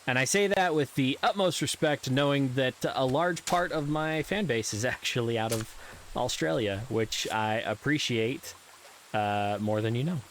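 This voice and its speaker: A man playing a video game offers casual, rambling commentary in a medium-pitched, unhurried voice, peppered with ums, uhs and self-deprecating asides. It's a let's play on a low-quality recording with slight background noise.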